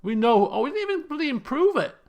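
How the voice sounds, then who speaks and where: A man commenting as he plays a game, animated, laughing and muttering to himself as he thinks. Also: very high-pitched, fast talker, lo-fi sound. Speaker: let's play host. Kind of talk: gameplay commentary.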